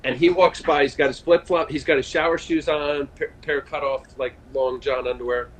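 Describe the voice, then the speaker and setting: A man in his fifties, a former pitcher, telling stories in a casual interview over a video call, animated and full of fillers and restarts. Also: brisk, a little hiss or hum, low-quality recording. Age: 50s. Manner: chatty storyteller, animated, frequent fillers and restarts. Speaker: guest, former baseball pitcher.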